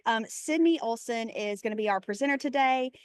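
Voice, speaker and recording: A woman's voice: fairly high pitch, brisk, clear, resonant tone. A woman with a Texas accent hosting an online session by video call, chatty and greeting attendees by name. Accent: Texan. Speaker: webinar host. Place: airport.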